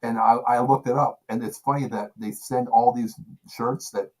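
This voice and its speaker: A man co-hosting a casual sports talk show, joking around and telling loud stories. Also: mid-range voice, fairly even intonation, moderate pace, rough recording. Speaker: podcast co-host.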